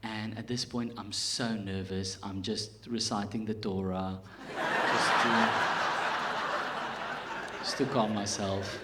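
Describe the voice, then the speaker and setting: A South African man in his thirties doing a stand-up set on a theatre stage, telling a story with animated swings in volume. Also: lowish voice, takes it slowly, long pauses. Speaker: stand-up comedian. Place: theatre stage, live audience. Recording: live theatre recording with hiss.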